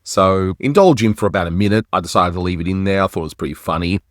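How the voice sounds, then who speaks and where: Give me a low-voiced Australian man reviewing cartoons. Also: fast talker, no echo, studio quality. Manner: chatty, animated storytelling. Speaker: animation review host. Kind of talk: casual commentary.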